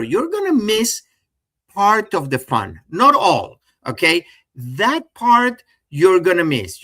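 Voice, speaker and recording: A middle-aged man with a Venezuelan Spanish accent presents genealogy in a live webinar, chatty and enthusiastic as he speaks directly to his viewers. His voice is fairly high, bright, and forceful.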